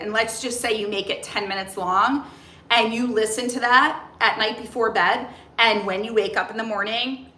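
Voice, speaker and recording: Bright-voiced chatty woman in her forties. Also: fairly high pitch, reverberant. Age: 40s. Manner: chatty and animated, acts out inner voices. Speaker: nutrition and mindset coach. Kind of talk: casual talk to camera. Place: outdoors near a tree.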